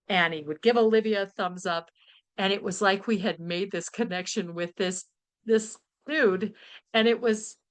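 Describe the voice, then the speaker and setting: A woman's voice: mid-range voice, a bit bright. A woman telling a personal story in a talk, candid and earnest, with frequent ums and restarts. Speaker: speaker.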